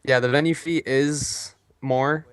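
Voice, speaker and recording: A man's voice: medium pitch, fairly even intonation, slow pace, clean tone. A man co-hosting a gaming talk show, giving details of an upcoming tournament. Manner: informative, promotional. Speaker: tournament organizer, co-host. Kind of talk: casual chat.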